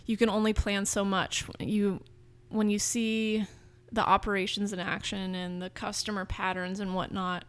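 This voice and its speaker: A woman in her thirties from Northern California talks about her food business in a casual interview. She is eager and chatty, often restarting her sentences, and her voice sits at a mid pitch. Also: little pitch movement, normal speed, hardly any pauses, clean tone. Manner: enthusiastic, chatty with frequent restarts.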